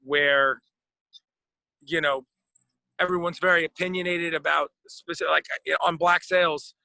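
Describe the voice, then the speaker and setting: An American actor chatting casually in an interview, rambling with lots of fillers and restarts. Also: male voice, on the high side, steady tone, unhurried, vocal fry, pushed and bright, dry recording, rough recording. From United States.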